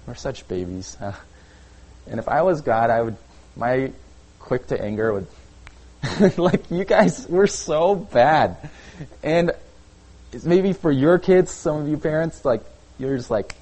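A man preaching a sermon in a relaxed, conversational way, often checking in with "okay?" and using "like". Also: on the high side, measured pace, long pauses, a little hiss or hum, low-quality recording. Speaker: pastor.

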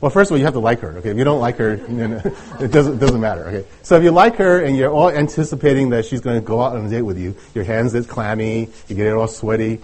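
A middle-aged man preaching a sermon in a conversational, halting way, often restarting his sentences. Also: medium pitch, a little mellow. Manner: conversational, halting with many restarts and light laughs. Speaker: pastor.

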